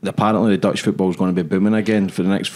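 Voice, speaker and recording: A man's voice: sits low, little pitch movement, very fast, a little mellow. Chatty podcast host, man. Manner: chatty, swears casually. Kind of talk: casual interview chat.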